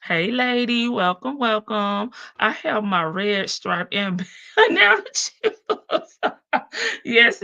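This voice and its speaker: Woman streamer w a big country voice, bright tone, dry close sound, chatty greetings. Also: fairly high pitch, no room sound. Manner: greets chat viewers one by one, chatty and drawling. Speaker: livestream host. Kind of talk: casual livestream chat.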